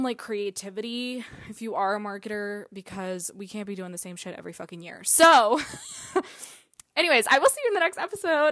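A woman's voice: medium pitch, fairly bright tone, no echo. A woman hosting a solo podcast in a casual, chatty way, full of fillers and the odd swear word. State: out of breath. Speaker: podcast host.

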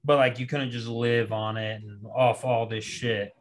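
A laid-back man from small-town Missouri, chatting loosely and swearing freely. His voice sits at a middle pitch. He keeps an easygoing, conversational tone. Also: fairly even intonation, measured pace. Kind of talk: casual chat.

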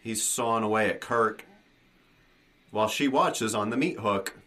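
A man's voice: lowish voice, measured pace, fairly bright tone. A man co-hosting a podcast, commenting casually on a horror movie in a laid-back way. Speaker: podcast co-host.

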